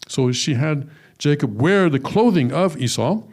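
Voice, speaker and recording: A man's voice: on the high side, lively intonation, a little slow, darkish tone. A man teaching a scripture lesson, reading aloud and breaking off into casual asides with many fillers and restarts. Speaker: religious teacher.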